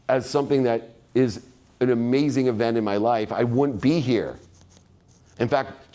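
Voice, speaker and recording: A man's voice: mid-range voice, darkish tone. A man giving a motivational keynote speech, telling stories in an emphatic, repetitive way. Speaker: guest keynote speaker.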